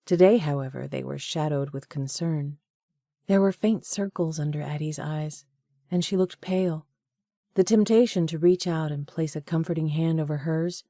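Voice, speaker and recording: A woman narrating a romance audiobook in a measured, even storytelling manner. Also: deep voice, vocal fry, dry recording, clean studio sound. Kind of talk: scripted narration.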